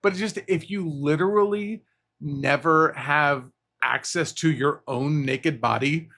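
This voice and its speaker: A podcast co-host with a high, gravelly voice chats casually. He rambles and goes off on goofy tangents, and his bright, sharp tone carries. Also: unhurried. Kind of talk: casual chat.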